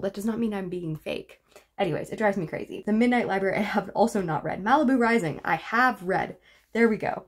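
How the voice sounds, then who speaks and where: A woman talks casually to camera as a book vlogger. She rambles in a wry, chatty way, ticking off titles one by one. Her voice sits at an ordinary middle pitch.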